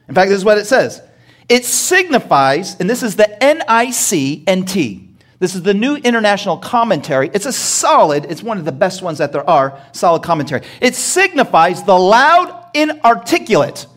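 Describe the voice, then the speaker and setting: A man's voice: sits high, a bit bright. A male pastor preaching a sermon, asking the congregation rhetorical questions and acting out short dialogue scenes with humor.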